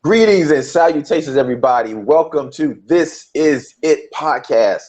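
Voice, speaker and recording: A man's voice: a little high, normal speed. Easygoing man hosting a podcast. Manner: relaxed, friendly host patter. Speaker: podcast co-host. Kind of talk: casual podcast chat. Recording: dull lo-fi recording.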